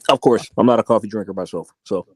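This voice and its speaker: A man co-hosting a casual livestream chat, with quick, easygoing banter. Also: on the low side, breathy edge, no room sound, studio quality. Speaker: co-host.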